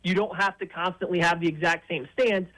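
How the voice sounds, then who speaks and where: A man appearing as a guest analyst on sports talk radio, giving quick, confident football breakdowns. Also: sits high, fairly even intonation, fairly bright tone, low-quality recording.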